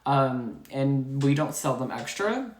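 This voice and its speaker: A young woman with a drawl tells a rambling storytime, her voice low and a little congested. She fills her talk with likes and you-know-what-I-means. The room around her rings with echo. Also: big pitch swings, slow, darkish tone. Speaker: storytime vlogger. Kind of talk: casual storytime chat.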